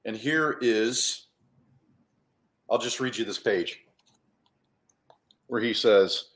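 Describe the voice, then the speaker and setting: A man's voice: on the low side, slow pace, a bit bright, echoey room. A man, a children's author and illustrator, talking casually and self-deprecatingly at a storytime. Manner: chatty, self-deprecating, rambling.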